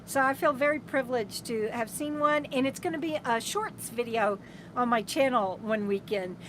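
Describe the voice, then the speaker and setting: A woman's voice: fairly high pitch, moderate pace, slight background noise. A woman hosts a casual RV live stream from inside her camper, reading viewer comments aloud in an affectionate, rambling way with many restarts. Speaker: RV travel vlogger, host of a live stream.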